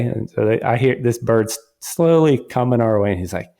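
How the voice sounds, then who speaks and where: A hunter and father casually telling a story about a hunt, animated and full of quoted dialogue and restarts. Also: medium pitch, brisk, creaky. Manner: animated, quotes himself and others, frequent restarts.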